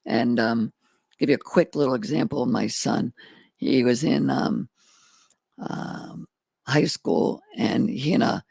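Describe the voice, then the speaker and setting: A middle-aged entrepreneur, appearing as a guest in a candid interview, tells life stories in an earnest, folksy way and acts out past conversations in quotes. His medium-pitched voice is gravelly, slightly rough, and a little mellow, and the recording is dry.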